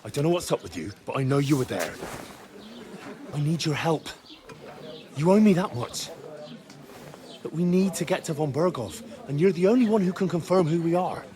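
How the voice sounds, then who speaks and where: A man voicing an earnest young wanderer in a video game, with lively intonation. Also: a little high, normal speed, pauses often, noisy background, natural voice.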